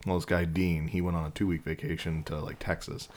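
A man's voice: deep voice, little pitch movement, fairly quick. A man co-hosting a podcast, chatting casually and telling crude, laughing stories. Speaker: podcast co-host. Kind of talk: casual chat. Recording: quieter mic, some distant bits.

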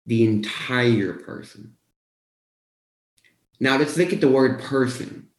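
Young male motivational coach, casual storyteller who acts out his own past lines, mid-pitched, recorded in a roomy space. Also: darkish tone. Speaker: weight-loss coach. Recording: roomy echo.

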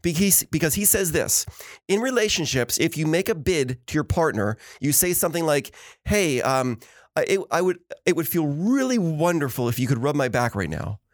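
Lively middle-aged guy chatting, voice bouncing all over, dry close sound. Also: a little high, moderate pace, no room sound. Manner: animated storyteller acting out quotes. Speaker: podcast co-host. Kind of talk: casual chat.

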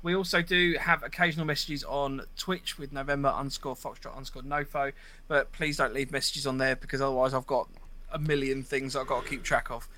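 A man's voice: medium pitch, little pitch movement, fairly quick, pushed and bright. A man hosting a casual podcast, rambling along with plenty of ums and uhs. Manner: rambling, with many fillers. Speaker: podcast host.

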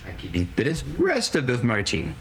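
A man's voice: medium pitch, huge pitch swings, fairly quick. A man playing his character in a tabletop game, blunt and demanding in his questions. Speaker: player. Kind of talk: tabletop role-play.

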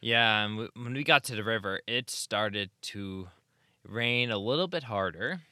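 A man's voice: on the low side, lively intonation, measured pace, pushed and bright, no echo, clean studio sound. A man co-hosting a podcast, recounting a trip in a laid-back, casual storytelling way. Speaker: podcast co-host. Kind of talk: casual chat.

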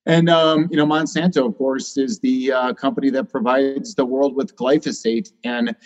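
A man's voice: mid-range voice, fairly even intonation. Emphatic man on a dull line. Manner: emphatic, fast, many fillers. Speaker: podcast guest, doctor. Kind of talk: interview talk. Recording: slightly dull, lo-fi sound.

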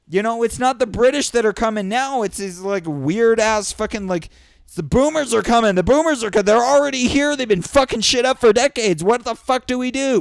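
Fired-up, sweary high-voiced man ranting. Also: animated, a little fast, creaky, smooth, dry recording, clean studio sound. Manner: angry, sweary, ranting with bursts of shouting. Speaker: vlogger. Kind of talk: profane political rant. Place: indoors during a thunderstorm.

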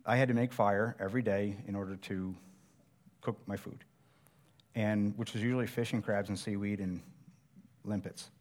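A man's voice: lowish voice, steady tone, normal speed, pauses often, darkish tone. Man preaching a story-driven sermon. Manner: conversational, self-deprecating storyteller.

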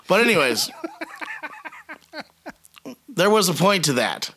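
A man's voice: high-pitched, very animated, slow pace, sharp tone. A middle-aged man hosting a podcast, chatting casually with crude jokes and frequent laughter. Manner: crude, joking, laughs often. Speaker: podcast host.

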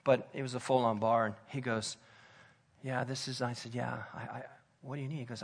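A man preaching a sermon, telling a personal story in an earnest, conversational way that drops to soft intensity. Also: medium pitch, level tone, a little fast, vocal fry, husky.

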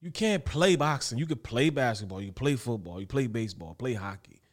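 A man's voice: mid-range voice, fairly quick. A man in casual chat, talking emphatically and with a lot of profanity. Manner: emphatic, profane, animated storytelling.

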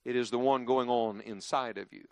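A man's voice: medium pitch, steady tone, normal speed, clean tone, no echo, highs cut off. A man preaching a sermon to a church congregation, swinging his voice up and down for emphasis and leading the crowd in call-and-response.

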